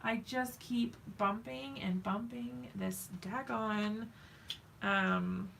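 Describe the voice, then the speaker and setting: A woman's voice: fairly high pitch, steady tone, very slow, vocal fry, fairly bright tone, slight background noise. A woman hosting a craft live stream, chatting casually and giggling with viewers in the chat while she works at home.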